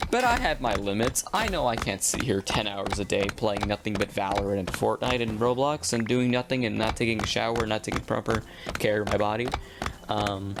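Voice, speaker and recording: A young man telling a school story in a casual, rambling way while gaming, slipping into quick voiced quotes. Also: on the low side, heavy background noise. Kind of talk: casual storytime over gameplay.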